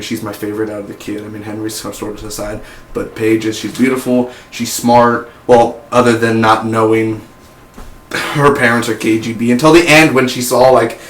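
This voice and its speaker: Guy rambling thru a tv show review, keeps saying man, echoey room. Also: mid-range voice. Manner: rambling, says "man" often. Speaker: TV series reviewer. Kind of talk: casual video review.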